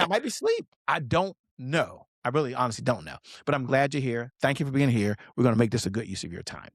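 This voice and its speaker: A man's voice: mid-range voice, no room sound, studio quality. A man giving an emphatic sales talk as a business coach, often asking "okay?" and speaking straight to the viewer. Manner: emphatic, repeats "okay?", direct address to viewers. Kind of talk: animated sales teaching.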